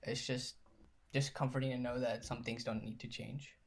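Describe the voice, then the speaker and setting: A young man co-hosting a podcast, talking in a calm, measured way. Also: mid-range voice, creaky. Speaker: podcast co-host. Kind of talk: casual chat.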